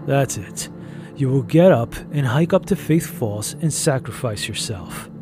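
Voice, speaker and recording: Man voicing a menacing male demon, slow, commanding, cold, audio story. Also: medium pitch, animated, music in the background, lightly acted.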